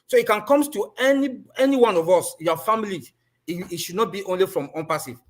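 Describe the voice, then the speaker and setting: A man's voice: high voice, expressive, fairly quick. A man speaking on an online group call, earnestly repeating warnings to be careful. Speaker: meeting speaker.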